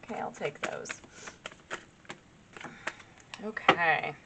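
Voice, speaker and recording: A woman in her forties doing a casual tarot reading to camera, chatty and excitable, rambling with asides to her viewers. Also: low-pitched, very slow, gravelly, very noisy. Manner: chatty and excitable, laughs often, gushes over cards. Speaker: tarot reader.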